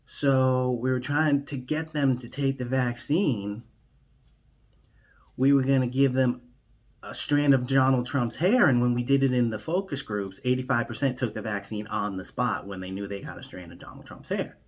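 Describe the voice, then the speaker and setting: A man voicing an older male leader who explains things in a calm, rambling, offhand way. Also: medium pitch, normal speed, lightly acted. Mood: matter-of-fact.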